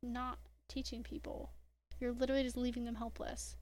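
Teasing, fairly high-voiced woman co-host. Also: brisk, a little hiss or hum. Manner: animated, teasing, reads lines aloud. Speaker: podcast co-host. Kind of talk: casual podcast recap chat.

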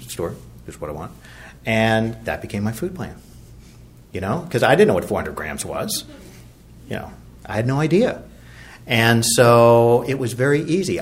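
Rambling middle-aged man telling a recovery story. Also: on the low side. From Virginia, USA. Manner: rambling, self-deprecating, with many fillers and restarts. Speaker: recovery meeting speaker.

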